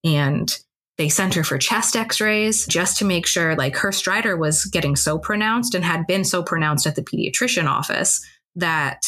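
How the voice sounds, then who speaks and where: A woman's voice: on the low side, fairly bright tone. A woman co-hosting a podcast, telling a personal story in a casual, chatty way with lots of "like" fillers. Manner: fast conversational telling, many fillers like "like". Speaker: podcast co-host.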